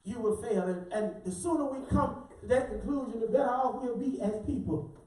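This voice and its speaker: A man's voice: very high-pitched, moderate pace, warm tone. A man, preaching a sermon in a rhythmic, sing-song, call-and-response style. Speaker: pastor. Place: church sanctuary. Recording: echoey church from far off with congregation.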